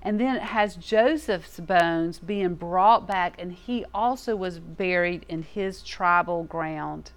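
A woman giving a casual, conversational Bible teaching in a folksy, animated way. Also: on the low side, takes it slowly, hardly any pauses.

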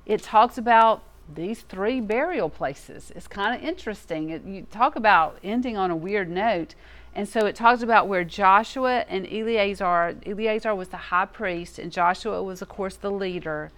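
A woman's voice: medium pitch, normal speed. Folksy woman teaching from scripture. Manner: folksy, animated, casual turns of phrase. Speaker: Bible teacher. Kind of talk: conversational Bible teaching.

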